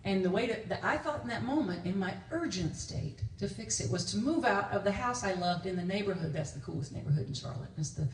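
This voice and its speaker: Animated and a little fast with few pauses, this mid-range female voice belongs to a guest minister preaching conversationally in a church sanctuary. She tells stories, laughs, and quotes others, heard from afar in an echoey space with slight background noise.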